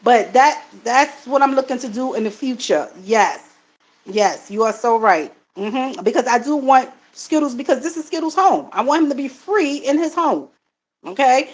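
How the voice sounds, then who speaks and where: A middle-aged woman with a somewhat high voice is talking loosely on a live stream. She reads viewers' comments aloud, answers them, calls the viewers family and fills her pauses with "um" and "mm-hmm". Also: expressive, low-quality recording. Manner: addresses viewers as family, frequent fillers. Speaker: live-stream host and card reader. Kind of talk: casual live-stream chat.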